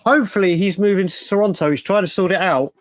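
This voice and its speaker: A man with a high voice co-hosts a fan livestream, talking fast in casual, rambling chat. He repeats words as he tries to recall details, and a crowd can be heard in the background.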